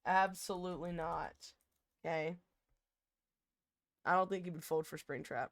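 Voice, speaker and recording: Slow-talking, low-pitched woman streamer. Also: dry recording, clean studio sound. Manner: rambling, self-interrupting, bursts of loud laughter. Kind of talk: casual chat with chat.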